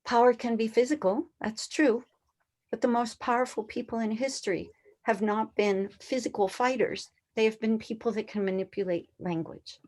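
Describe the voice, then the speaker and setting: A woman's voice: a little high, steady tone, moderate pace, a little mellow. Earnest older woman presenting to educators. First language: a language other than English. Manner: earnest, emphatic, poses rhetorical questions. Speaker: educator presenting a conference session. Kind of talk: conference presentation.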